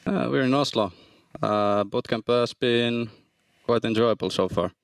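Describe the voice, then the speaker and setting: A man from Finland, a professional esports player, answering interview questions calmly with some hesitation. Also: mid-range voice, a little slow, vocal fry, no echo. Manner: calm, hesitant, with fillers.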